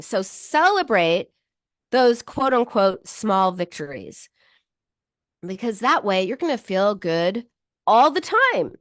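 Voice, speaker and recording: A middle-aged woman psychologist talking to viewers in a lively self-help style, acting out inner voices and joking at her own expense. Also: mid-range voice, no room sound, clean studio sound. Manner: animated, self-deprecating, acts out inner voices. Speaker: psychologist and show host.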